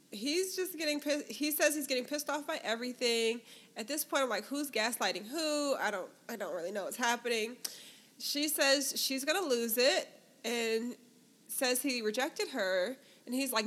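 A woman's voice: fairly high pitch, normal speed. Casual woman recapping a show. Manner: relaxed storytelling recap, acting out quoted lines. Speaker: podcast co-host recapping a reality show. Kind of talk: casual chat.

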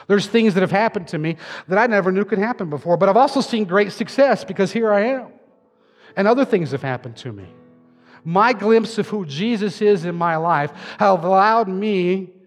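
A man preaching a sermon from a church stage, telling a story with dramatic flair. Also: high-pitched. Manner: dramatic storytelling, acting out voices. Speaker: pastor. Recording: long hall reverb.

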